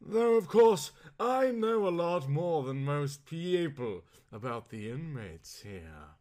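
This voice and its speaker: A knowing male servant, as a man reading a storybook puts him on, drawls his words slowly and confidingly. His pitch rises and falls a lot. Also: very animated, a little mellow.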